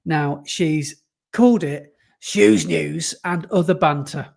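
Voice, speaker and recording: High-voiced podcast co-host. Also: male voice, gravelly. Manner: animated and quick to laugh. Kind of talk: casual chat, reading listener emails aloud.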